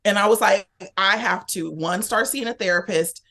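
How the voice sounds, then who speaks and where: A woman speaks as a podcast guest, her voice sitting at a middle pitch. She retells a personal story in a candid, conversational way and acts out her own thoughts with lively energy. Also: moderate pace.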